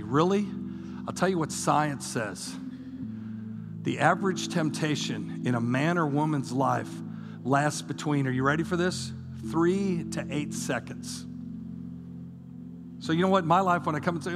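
A man's voice: fairly high pitch, a little slow, long pauses. A male pastor preaching a sermon to a church audience, impassioned and emphatic, repeating words as he drives his points home. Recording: long hall reverb with music behind.

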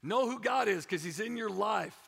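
High, gravelly-voiced preacher man. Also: moderate pace. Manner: energetic, repeats phrases for emphasis, rallies the congregation. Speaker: pastor. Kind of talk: sermon. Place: church sanctuary. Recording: echoey church hall.

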